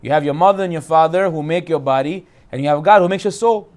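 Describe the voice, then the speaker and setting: A man teaching a casual Torah class as a rabbi, animated and jokey, acting out quoted voices. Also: on the high side, fast talker.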